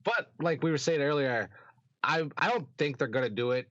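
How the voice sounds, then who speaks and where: A young man co-hosting a podcast, chatting excitedly, swearing and laughing often. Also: fairly high pitch, normal speed, no echo. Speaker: podcast co-host. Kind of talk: casual chat. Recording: dull lo-fi sound.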